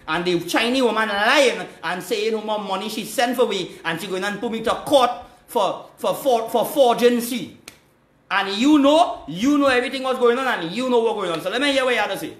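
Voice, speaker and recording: A man's voice: high-pitched, normal speed, a bit bright, echoey room. A man, hosting a live call-in stream, talking in an agitated, repetitive way. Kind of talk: casual live call-in chat.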